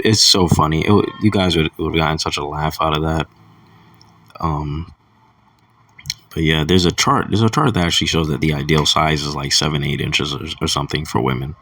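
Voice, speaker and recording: A man's voice: rumbling low, a bit bright, no room sound, recorded from a distance. A young man talking in a crude, rambling casual monologue, chuckling between thoughts. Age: young adult. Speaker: vlogger.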